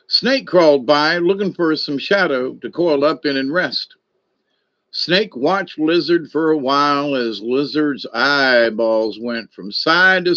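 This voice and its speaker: Slow, rambling man reading cards. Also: on the high side, a bit bright. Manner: rambling, unhurried, with many fillers. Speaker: card reader. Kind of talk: casual storytelling and card reading.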